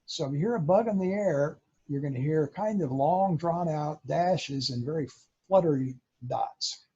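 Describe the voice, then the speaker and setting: A man presents to a radio club in an unhurried show-and-tell talk, now and then mouthing out code sounds. His voice is raspy and gravelly and sits a little high. The recording is dull and lo-fi. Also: dark tone. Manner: explaining, imitating Morse sounds.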